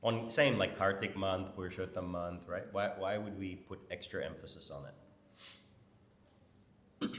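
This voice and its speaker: In a temple hall, a man with a low, steady, fairly bright voice leads an informal, conversational scripture class, quizzing and teasing his audience. He speaks at a measured pace with long pauses, and the recording is echoey with faint background noise.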